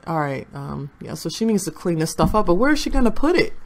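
Low-voiced woman, bantering casually while she plays. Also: very animated, fast. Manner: chatty, talks to the game characters. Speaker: gaming channel host. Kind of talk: casual gameplay commentary.

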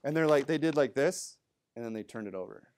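A man's voice: mid-range voice, expressive, a little fast, a little mellow, clean tone. A man preaching in a church in a loose, conversational way, with good-humored asides. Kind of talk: conversational sermon.

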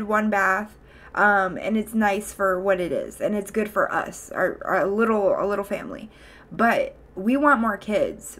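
A woman's voice: medium pitch, fairly bright tone. A young woman streaming, chatting casually to her viewers in a rambling way with lots of fillers and restarts. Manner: chatty, rambling, with frequent fillers and self-corrections.

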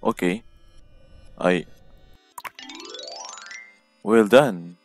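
A man's voice: sits low, fairly even intonation, very slow, soft background music. A man giving casual, jumpy commentary while playing a game alone at home, recorded on a headset microphone. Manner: jumpy, nervous, frequent startled exclamations. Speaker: gameplay commentator.

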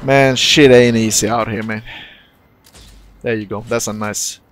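A young man casually commentating his own gameplay, excitable and profane, often jumping into loud yelps. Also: lowish voice, unhurried. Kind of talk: let's-play commentary.

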